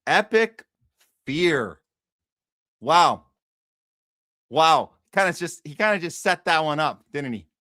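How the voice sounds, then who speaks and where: A man's voice: a little high, expressive, measured pace, long pauses, bright, forceful tone, no echo, clean studio sound. A man hosting a podcast, giving heated, profane and sarcastic political commentary that often repeats itself. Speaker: podcast host.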